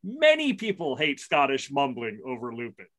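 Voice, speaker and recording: A man in his forties co-hosting a casual podcast chat, rambling and self-mocking with quick bursts and restarts. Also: mid-range voice, huge pitch swings, fairly bright tone. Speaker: podcast co-host.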